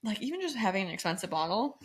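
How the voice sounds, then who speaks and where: A woman co-hosting a podcast in casual chat, laughing often and animated, with a creaky low register. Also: quick pace, a little hiss or hum. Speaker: podcast co-host.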